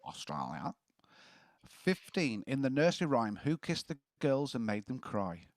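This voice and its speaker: A man's voice: mid-range voice, big pitch swings, unhurried, no room sound, studio quality. A man hosting a casual quiz, reading questions and joking between answers. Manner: jokey, chuckling as he reads questions. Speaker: quiz host.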